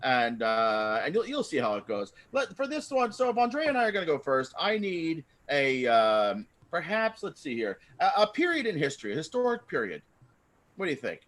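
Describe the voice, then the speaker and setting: A man hosts a live improv show from home over a video call. His voice sits high and swings widely in pitch, and he rambles excitedly as he sets up each game. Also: moderate pace. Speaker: improv host.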